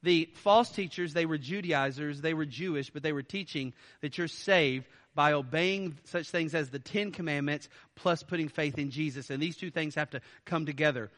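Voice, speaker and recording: Bright-voiced male pastor in a reverberant hall. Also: a little high, moderate pace, hardly any pauses. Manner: animated, sarcastic asides, laughs often. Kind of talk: sermon.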